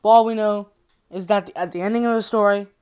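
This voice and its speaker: A woman's voice: mid-range voice, steady tone, a little fast, darkish tone, clean tone. A woman casually summarizing a horror book, rambling and repeating herself. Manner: rambling, repetitive, giggly. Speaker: youtuber retelling a book.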